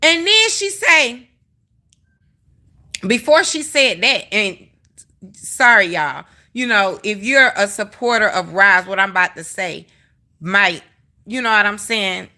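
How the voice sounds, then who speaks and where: Animated, bright-voiced woman ranting on a livestream. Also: mid-range voice, slow pace, long pauses. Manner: emphatic, profane, talking straight to the viewers. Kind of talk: heated commentary rant to a live chat.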